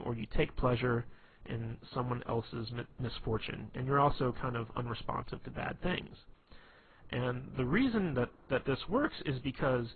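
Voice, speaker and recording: Man giving rambling advice over tinny audio. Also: medium pitch. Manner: rambling, many fillers and restarts. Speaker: dating advice talker. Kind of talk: casual instructional talk. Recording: tinny phone-like audio with faint hiss.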